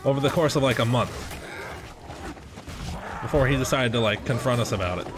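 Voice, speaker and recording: A man's voice: mid-range voice, brisk, noisy background. A young man casually telling a rambling story while playing a game, cursing and muttering at the game. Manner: profane, rambling, frustrated asides to the game. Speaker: gaming channel host. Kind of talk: casual gameplay commentary with storytelling.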